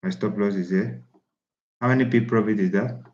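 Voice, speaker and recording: A man's voice: fairly low pitch, normal speed, a little mellow. A man teaching a trading lesson over a shared chart, repeating and restarting phrases for emphasis. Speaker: trading instructor. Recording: roomy, slightly dull lo-fi audio.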